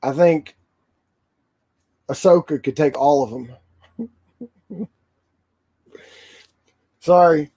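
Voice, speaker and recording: Excitable man rambling on a livestream. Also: on the high side, very slow, pauses often. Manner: rambling, excitable fan talk with fillers. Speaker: toy channel livestream host. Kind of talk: casual livestream chat.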